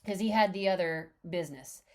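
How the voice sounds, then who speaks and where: A woman's voice: lowish voice, fairly quick. A woman co-hosting a podcast, telling a story in casual chat and acting out the quoted dialogue. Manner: animated, acts out quoted dialogue. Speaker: podcast co-host.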